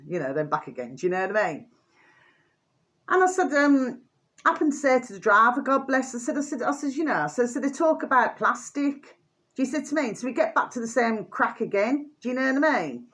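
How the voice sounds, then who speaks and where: This vlogger is an older woman with a mid-range, slightly bright voice, doing a casual show-and-tell. She's chatty and doting, rambling along with plenty of fillers and pet names she keeps repeating.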